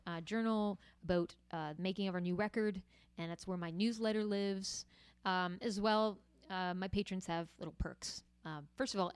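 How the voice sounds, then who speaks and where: A woman musician hosting a livestream, chatting casually and warmly to her viewers with plenty of filler words. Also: lowish voice, clear, resonant tone, no echo. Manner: chatty and friendly, with frequent fillers.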